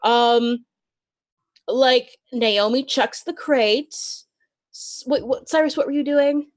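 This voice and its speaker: A woman's voice: sits high, slow pace, dry recording. A woman running a tabletop role-playing game as game master, keeping count and prompting players for their actions.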